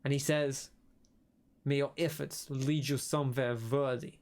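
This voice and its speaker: A man's voice: medium pitch, fairly even intonation, measured pace, darkish tone. A young man casually commenting while playing a game, musing aloud and rambling as he thinks through what he sees. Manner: musing, rambling, self-interrupting. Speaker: let's play host.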